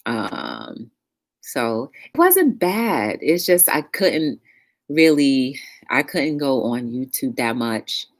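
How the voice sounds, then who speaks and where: A woman's voice: a bass voice, big pitch swings, takes it slowly. A woman hosting a casual live-stream talk show, greeting viewers by name in a bubbly sing-song way and chatting upbeat about her day.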